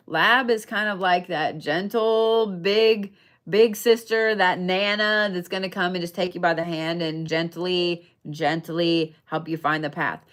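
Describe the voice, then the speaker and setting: In an unhurried, steady voice on the low side with a bit of brightness, this young adult woman reads tarot and zodiac signs in a relaxed, talkative way. She stresses her points hard, drops the odd casual swear, and often pauses to ask her audience "okay?"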